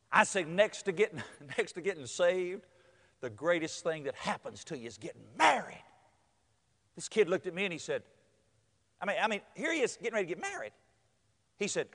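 A man's voice: very animated, fairly quick, pauses often, a bit bright. A male preacher telling stories in a sermon, acting out the lines of the people in them. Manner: storytelling with acted-out quotes and big pitch swings. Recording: hall reverb.

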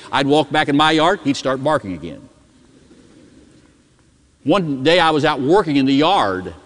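A middle-aged pastor preaching a sermon and telling a story, dropping his voice low and soft for key words. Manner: storytelling preacher, dramatic drops in pitch and volume. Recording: long hall reverb.

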